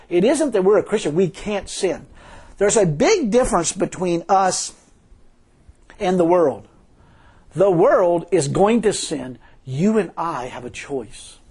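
A man's voice: high voice, a little mellow, slightly rough. A man preaching an informal sermon mixed with his own testimony, talking conversationally, repeating phrases and chuckling often.

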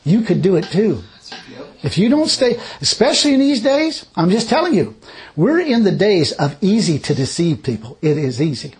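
High-voiced folksy preacher. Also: male voice, big pitch swings, normal speed, darkish tone. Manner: folksy, chuckling storyteller. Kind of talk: sermon with personal storytelling.

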